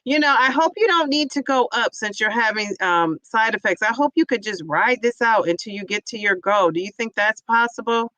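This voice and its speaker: A woman's voice: fairly high pitch, normal speed, hardly any pauses, pushed and bright, no echo, poor audio. Bubbly woman cheering on her livestream viewers. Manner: chatty, rambling with fillers. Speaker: livestream host reading viewer chat. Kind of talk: casual live chat.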